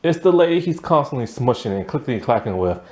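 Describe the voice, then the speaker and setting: A young man talks through a TV series in a loose, rambling way, full of ums and likes and quick chuckles. His pitch swings up and down a lot as he goes, lively and expressive at a middling pitch. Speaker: TV series reviewer. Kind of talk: casual spoken review.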